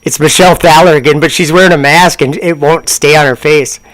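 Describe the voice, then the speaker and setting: A man's voice: on the high side, steady tone, fairly quick, a bit bright, no echo. A man casually commenting on a livestream, rambling and sarcastic. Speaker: streamer reacting to videos.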